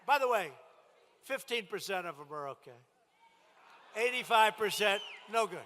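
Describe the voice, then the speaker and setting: Guy pushing out a rally speech, high and sharp, hammering the same lines over and over. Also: slight background noise. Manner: emphatic, repetitive, punchy phrasing. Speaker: politician addressing a rally. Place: large indoor rally venue.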